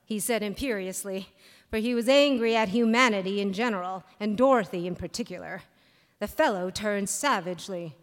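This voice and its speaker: A woman giving an expressive live reading of a short story on a hall stage. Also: mid-range voice, normal speed. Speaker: reader.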